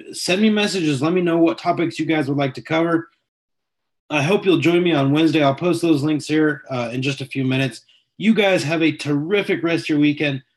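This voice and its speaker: A man hosting a casual livestream chat, greeting viewers and answering their questions in a chatty, welcoming way. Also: a little high. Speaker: livestream host.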